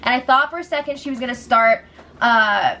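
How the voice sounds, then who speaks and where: A woman's voice: a little high, normal speed, bright, forceful tone, a little hiss or hum. Sarcastic young woman recapping gossip. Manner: sarcastic, laughs often, quotes people in mocking voices. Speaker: show recap host. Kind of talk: casual recap.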